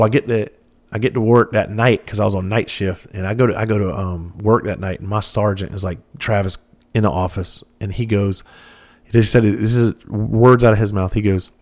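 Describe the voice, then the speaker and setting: A man's voice: fairly low pitch, fairly even intonation, fairly quick, darkish tone. A man, a former police officer telling rambling, profane stories with lots of fillers. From southern United States. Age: 40s. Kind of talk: casual storytelling monologue.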